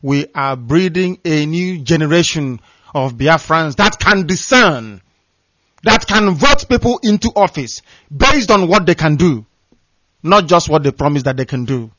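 A man's voice: a little high, expressive, measured pace, fairly bright tone, no echo. A man hosting a call-in radio show, speaking passionately and repeating words for emphasis. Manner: impassioned, repetitive emphasis. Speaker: radio host. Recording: dull lo-fi dry sound.

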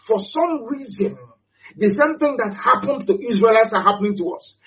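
A man with a Nigerian accent speaks in a high, forceful register, driving each point home through repetition and pointed rhetorical questions. The audio is dull and lo-fi, with the top end rolled off. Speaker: political speaker. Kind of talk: impassioned broadcast address.

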